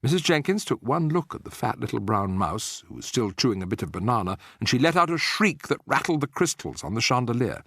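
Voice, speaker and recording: A man narrating an audiobook in an expressive, theatrical manner. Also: mid-range voice, brisk, gravelly, hardly any pauses, no echo, clean studio sound. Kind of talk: scripted narration.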